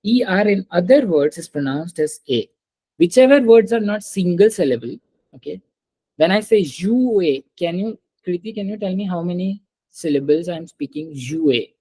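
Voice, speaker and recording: A woman's voice: fairly low pitch, animated, moderate pace, dark tone, dry recording, poor audio. Patient female French tutor on a call. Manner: patient, repeats and checks with students. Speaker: French teacher. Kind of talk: online class teaching.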